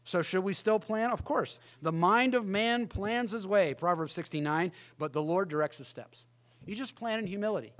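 Emphatic high-voiced male preacher. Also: normal speed, fairly bright tone. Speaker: pastor. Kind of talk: sermon.

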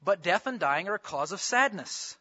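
Male pastor, sermon, chatty with questions; high, sharp-toned voice on a dull recording. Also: animated, normal speed, husky. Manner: conversational preaching with rhetorical questions.

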